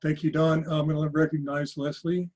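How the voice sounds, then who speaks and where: A man's voice: on the high side, flat delivery, normal speed, a little mellow. A man chairing a board meeting on a video call, procedural as he recognizes speakers.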